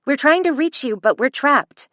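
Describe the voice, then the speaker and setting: Narrator doing a young woman, high-pitched, eager, excitable, loud-ish, dry sound. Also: normal speed, no echo. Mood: urgent.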